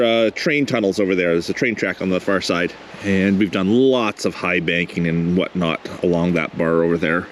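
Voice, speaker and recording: A man vlogging outdoors by a cold river while he pans for gold, chatting casually and exclaiming at what he finds. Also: lowish voice. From Canada. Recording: wind noise on the mic.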